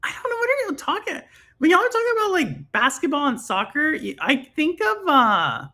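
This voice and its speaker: A woman's voice: high-pitched, sing-song, moderate pace, pushed and bright. A young woman hosting a live stream, chatting casually with viewers, laughing often and filling her talk with fillers. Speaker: stream host reading chat.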